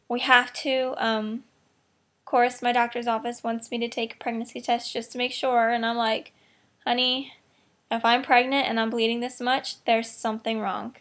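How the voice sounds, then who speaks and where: A woman's voice: on the high side, fairly bright tone. A woman telling a personal video diary in a rambling, heartfelt way, tearful and emotional, with many fillers like "you know" and "like". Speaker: vlogger.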